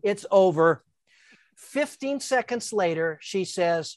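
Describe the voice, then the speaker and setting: A chatty older woman, here as a guest, recounts a casual anecdote at a moderate pace in a mid-range voice, captured in a dry, close recording. She's animated, tends to fumble and restart her sentences, and dramatizes what people said.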